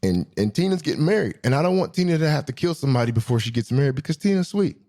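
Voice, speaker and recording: A man hosting his own show, telling stories in a slangy, animated way, swinging between excited high bits and low asides. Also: racing. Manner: slangy, swearing, self-correcting. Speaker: podcast host. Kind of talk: casual storytelling monologue.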